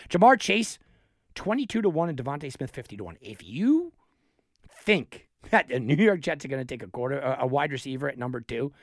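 Man, sports betting host, lively swinging pitch, gravelly fry, dry close sound, thinks out loud. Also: no room sound. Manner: animated, talks himself through picks with restarts. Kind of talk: solo sports betting talk.

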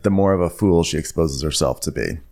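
A man co-hosting a comedic recap podcast, giving blunt, animated commentary. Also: rumbling low, brisk. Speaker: podcast co-host.

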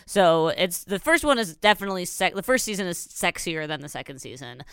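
A woman co-hosting a podcast, chatting casually in a wry, giggly, measured way. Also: lowish voice, lively intonation, a bit bright, smooth, no room sound, clean studio sound. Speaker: podcast co-host. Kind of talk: casual gossip chat.

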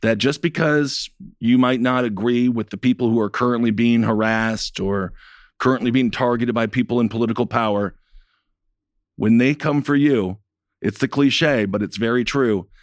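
A man's voice: mid-range voice, normal speed, dry recording, studio quality. A man co-hosting a political talk show, talking casually with sarcastic, rambling jokes. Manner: sarcastic, rambling, jokey asides.

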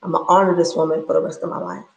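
A woman's voice: deep voice, steady tone, racing, gravelly, muffled recording. Woman, thirties, faith talk, passionate, laughs a lot, echoey room. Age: 30s. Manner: passionate, preacherly, laughs often. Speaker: speaker sharing her story. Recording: roomy echo.

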